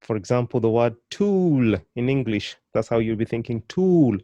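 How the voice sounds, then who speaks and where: A man's voice: mid-range voice, expressive, warm tone, no room sound, muffled recording. Encouraging man teaching pronunciation. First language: Swahili. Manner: encouraging, prompts learners to repeat, praises often; slow, carefully stretched model pronunciations. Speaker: Swahili teacher. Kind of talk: language lesson.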